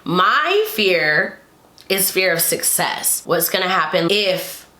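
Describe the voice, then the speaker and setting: Chatty bright-voiced woman in an echoey room. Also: fairly low pitch, big pitch swings, takes it slowly. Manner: chatty, frequent "like", exasperated asides. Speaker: YouTube commentator. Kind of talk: casual recap commentary.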